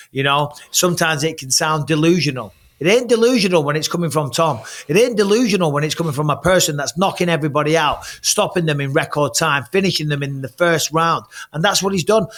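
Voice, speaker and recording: A former fighting champion, a man, talking in a casual interview in a blunt, profane and animated way. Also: fairly high pitch.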